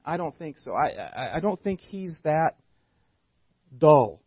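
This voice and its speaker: A man's voice: on the high side, big pitch swings, slow, slightly rough, no room sound, lo-fi sound. A male pastor preaching a sermon, asking one question after another and often repeating words as he thinks.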